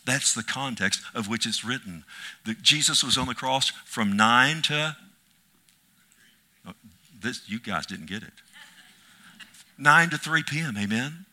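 Male pastor, fiery sermon, loud bursts to whispers. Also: mid-range voice, a little slow, pauses often. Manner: impassioned, swinging from loud cries to hushed whispers.

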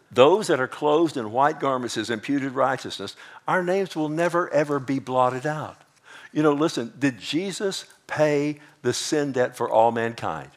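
A male pastor preaching a sermon, emphatic, repeating key points, reading scripture verses slowly and often asking his listeners "amen?". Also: medium pitch.

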